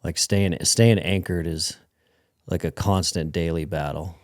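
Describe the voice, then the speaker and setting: A male podcast host speaking in a measured, reflective way during a casual interview. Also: low voice, fairly even intonation, no room sound, clean studio sound.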